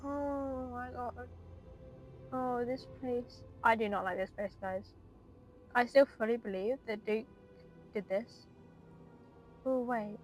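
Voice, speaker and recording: A woman's voice: on the high side, takes it slowly, pauses often, a little mellow, faint music behind. A woman giving casual, emotional commentary on her gameplay and chatting to her viewers. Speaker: gaming video creator.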